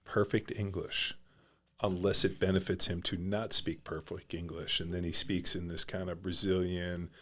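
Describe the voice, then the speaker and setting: A man's voice: deep voice, level tone, normal speed, pushed and bright. A man hosting a podcast in a casual, blunt and profane way, rambling through his thoughts. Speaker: podcast host.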